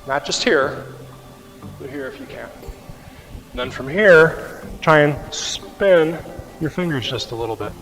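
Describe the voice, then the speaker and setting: A man leads a rehab exercise class, talking patiently and conversationally as he guides each movement. His voice sits a little high, and it rings with the long reverb of a large room. Soft music plays faintly underneath. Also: lively intonation, takes it slowly, pauses often. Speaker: qigong and mobility instructor.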